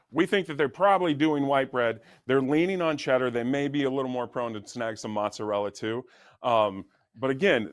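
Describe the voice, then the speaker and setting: A man appearing as a guest chef on a morning TV cooking segment, easygoing and filling pauses with um. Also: medium pitch, dry recording, clean studio sound. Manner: easygoing, hesitant with fillers.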